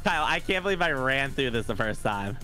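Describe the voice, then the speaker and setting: A man playing a game with a friend in casual chat, teasing him and breaking into high shouts. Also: very animated, fairly quick, soft background music. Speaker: guest gamer.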